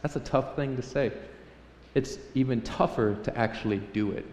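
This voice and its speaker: An animated man delivers a sermon in a big hall, shifting between joking asides and earnest teaching. He acts out people's prayers in a raised voice. His voice rings with long echo, with a faint room hum behind it. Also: mid-range voice, normal speed. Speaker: pastor.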